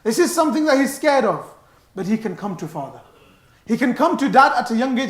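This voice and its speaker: A man giving a sermon in a mosque, animated and stressing his words, mixing in Arabic phrases. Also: very high-pitched, a little fast. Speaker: mosque speaker. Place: mosque hall. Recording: echoey mosque hall.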